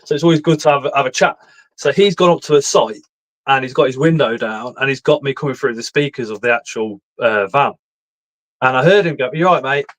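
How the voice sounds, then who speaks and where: A man's voice: medium pitch, fairly quick, a bit bright, rough recording. A man in his forties hosting a casual live stream chat, joking and rambling as he talks.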